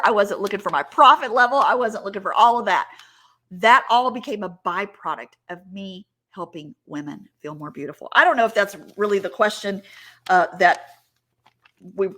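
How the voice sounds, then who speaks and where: A middle-aged woman speaks with a bright, ringing voice as she shares a personal story from her working life. She talks in an earnest, heartfelt, chatty way, with fillers and restarts, and sometimes gets choked up. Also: mid-range voice. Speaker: sales director giving a talk.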